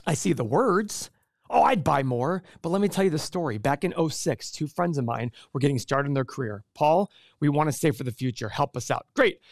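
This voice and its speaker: Emphatic man with a higher, dry voice. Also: expressive, fairly quick, vocal fry, no echo. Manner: emphatic, rhetorical questions, acts out quotes. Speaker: investing show host. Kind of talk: casual explanatory talk to camera.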